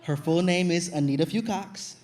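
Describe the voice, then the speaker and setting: A young man from Virginia performing stand-up comedy on stage, telling an animated story with loud acted-out outbursts. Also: sits high, normal speed, slight background noise. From Virginia, USA. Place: comedy stage before an audience.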